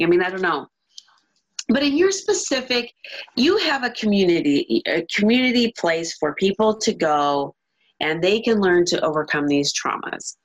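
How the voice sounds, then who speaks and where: A woman's voice: lowish voice, rough recording. A woman hosting an interview in a casual, enthusiastic way, often restarting her sentences. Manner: enthusiastic, rambling, halting restarts. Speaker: podcast host.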